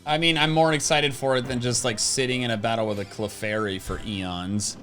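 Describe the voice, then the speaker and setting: A man's voice: mid-range voice, fairly even intonation, brisk, a bit bright, faint music behind. A young man co-hosting a casual gaming chat, easygoing and rambling with lots of fillers. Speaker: co-host of a gaming channel.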